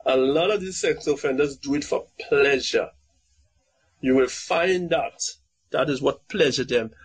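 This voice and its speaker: A man's voice: a little high, slightly rough, low-quality recording. A man who is a guest on a radio discussion, talking emphatically and repeating himself. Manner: emphatic, repetitive, acts out quotes in a raised voice.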